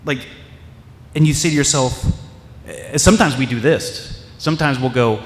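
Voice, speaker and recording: A man's voice: mid-range voice, expressive, brisk. A man preaching a sermon as pastor, in a loose, conversational way, acting out quoted voices and restarting his sentences often. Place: church sanctuary. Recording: echoey hall with long reverb.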